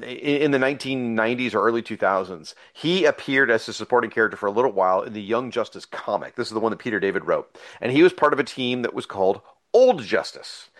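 A man's voice: on the low side, a bit bright. A man hosting a casual podcast chat, rambling and enthusiastic, with many fillers and restarts. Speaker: podcast host.

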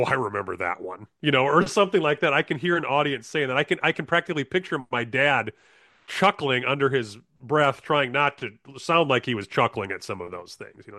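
A man's voice: medium pitch, bright, forceful tone, no room sound, studio quality. A man co-hosting a podcast, talking in a reflective, conversational way. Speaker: podcast co-host. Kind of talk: casual podcast discussion.

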